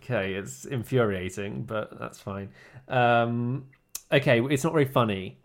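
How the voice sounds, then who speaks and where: A man's voice: medium pitch, measured pace. Dry, teasing man co-hosting a podcast. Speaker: podcast co-host. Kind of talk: casual chat.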